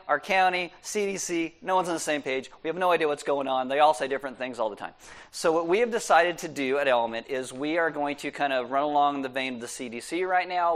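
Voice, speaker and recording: A male pastor running through church announcements in a relaxed, chatty manner, slipping in small jokes as he goes. His voice sits a little high for a man. He speaks in a church service room. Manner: joking, easygoing, chatty.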